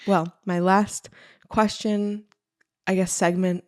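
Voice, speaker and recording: A woman's voice: medium pitch, little pitch movement, slow pace, darkish tone. A middle-aged woman co-hosting a podcast, easygoing and laughing as she trails off mid-sentence. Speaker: podcast co-host. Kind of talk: casual chat.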